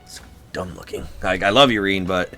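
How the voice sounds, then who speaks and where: Bright-voiced joking man. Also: sits low, normal speed, faint music behind. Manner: joking, playful, reads game lines aloud. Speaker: let's play host. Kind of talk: casual gameplay commentary.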